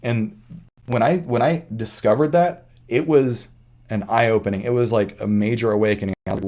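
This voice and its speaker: A man's voice: mid-range voice, moderate pace, a little mellow. A man hosting his channel, talking through his ideas in an earnest, reflective monologue, often restarting and correcting himself mid-sentence. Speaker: channel host. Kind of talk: unscripted monologue commentary.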